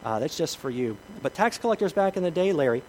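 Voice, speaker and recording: A man's voice: a little high, quick pace, a little hiss or hum, low-quality recording. A middle-aged man preaching a sermon as pastor, telling the story with humor and acting out the people in it. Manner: animated storytelling with acted-out voices and humor.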